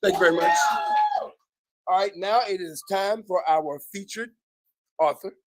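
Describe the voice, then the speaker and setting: A man with a very high voice performs spoken word on a bookshop stage. He swings hard between loud, driving lines and hushed ones. Between poems he hosts the evening in a looser, chatty tone. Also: a little slow, background noise. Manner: dramatic, swells and drops in loudness. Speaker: host and spoken word poet. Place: bookshop stage before an audience.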